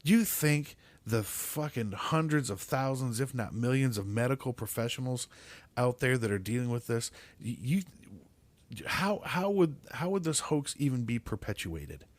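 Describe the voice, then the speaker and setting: A man's voice: mid-range voice, lively intonation, normal speed, no room sound. A man hosts his own podcast and rants alone into a desk mic, swearing constantly and stumbling over repeated words when he gets worked up. His voice sits in an ordinary middle register. The recording is dry, with no room sound around him. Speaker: podcast host. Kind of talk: profane solo rant.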